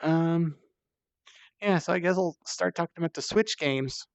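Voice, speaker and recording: A slightly high-voiced man rambles as he climbs in VR, tired and thirsty, chatty and self-deprecating. His headset mic sounds dry and dead, with a dull, lo-fi tone. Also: a little slow, gravelly, dry recording. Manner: chatty and self-deprecating, swears when strained. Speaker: VR streamer. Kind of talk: casual rambling while playing.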